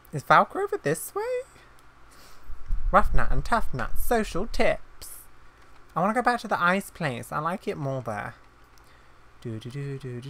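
A woman's voice: sits low, sharp tone. A woman hosting a gaming channel, chatting casually and giggling as she plays. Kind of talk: casual gameplay commentary.

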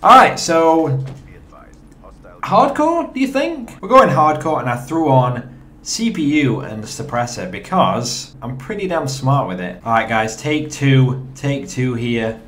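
A man's voice: medium pitch, unhurried. Young guy commentating his game, voice jumping up and down a lot, bit of faint hiss behind. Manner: chatty, excitable, talks to viewers. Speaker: gaming commentator. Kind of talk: gameplay commentary.

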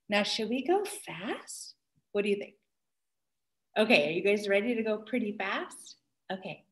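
A woman's voice: mid-range voice, big pitch swings, normal speed, a bit bright, breathy edge. A young woman who is a children's librarian, hosting a story time and cheerfully encouraging young kids.

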